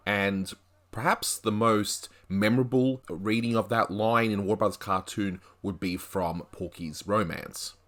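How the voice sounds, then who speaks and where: A man's voice: lowish voice, fairly even intonation, measured pace, hardly any pauses, a bit bright, a little hiss or hum. A man talking through a review of an old cartoon, in a conversational way with asides and hedges. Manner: conversational, thinking aloud with asides. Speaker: animation reviewer. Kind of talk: video review commentary.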